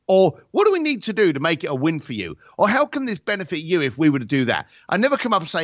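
A man tells a story on a podcast with a lively, swooping voice that sits a little high for a man. He is blunt, swears freely and acts out the dialogue. The sound is dry and slightly dull. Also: fast, few pauses, no echo. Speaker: podcast guest. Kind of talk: casual storytelling.

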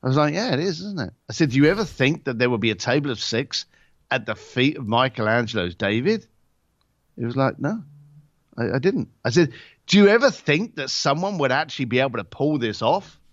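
A man's voice: medium pitch, animated, fairly quick, no room sound, lo-fi sound. A man on a podcast telling a story in a blunt, casual way. He swears and acts out both sides of the conversation. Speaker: podcast guest.

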